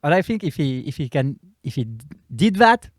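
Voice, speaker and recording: Animated French man speaking English. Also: a little high, no room sound, studio quality. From France. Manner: animated, laughing, halting non-native English. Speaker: guest comedian. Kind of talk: casual chat.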